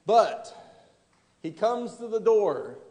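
A man's voice: sits high, sing-song, slow pace, warm tone, long reverb tail. A man preaching a sermon, asking the congregation rhetorical questions and often restarting his phrases.

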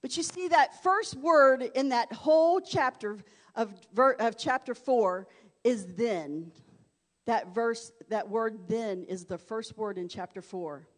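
A woman delivers a sermon in a high voice. She talks with dramatic swings, dropping to a hush and then rising to fervent shouting. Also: takes it slowly. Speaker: preacher.

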